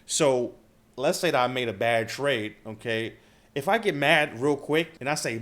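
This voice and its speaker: A man's voice: mid-range voice, expressive, a little slow, fairly bright tone. A man hosting a trading channel, talking casually to his viewers and often checking in with "okay?" and "right?". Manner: conversational, frequent filler questions like "okay?" and "right?". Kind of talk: casual talk to camera.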